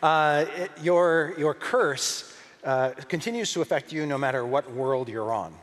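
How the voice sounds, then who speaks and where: Brief: male dungeon master, loose descriptive narration, mid pitch, reverberant room. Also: measured pace. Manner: relaxed descriptive narration with fillers. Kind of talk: narrating a tabletop game.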